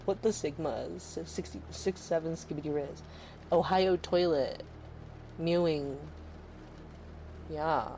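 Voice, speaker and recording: A woman's voice: sits low, slow pace, long pauses, mellow, slight background noise, rough recording. A woman in her thirties chatting casually on a live stream, rambling and sarcastic, swearing freely.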